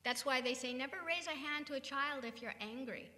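A woman's voice: sits high, brisk, sharp tone. An older woman from California giving an emphatic spiritual talk to an audience. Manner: emphatic, preaching. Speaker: spiritual teacher. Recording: long hall reverb.

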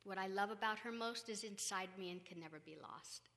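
A woman telling a family story in a lively, animated way, acting out what others said. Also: mid-range voice, a little fast, in a large hall. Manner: animated, acts out quoted voices, laughs often. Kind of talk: spiritual storytelling with partner.

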